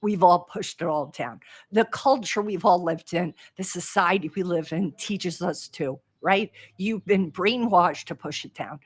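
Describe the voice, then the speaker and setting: A woman hosting a live trading-coaching stream, chatting casually and reading out viewer comments in an animated way. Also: fairly low pitch, unhurried, slightly rough.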